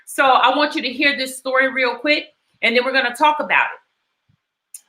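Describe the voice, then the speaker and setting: A woman's voice: sits high, moderate pace, pushed and bright, echoey room, poor audio. A middle-aged woman hosting a talk, speaking with passion and retelling a story in repeated, emphatic phrases. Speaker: host. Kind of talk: personal commentary talk.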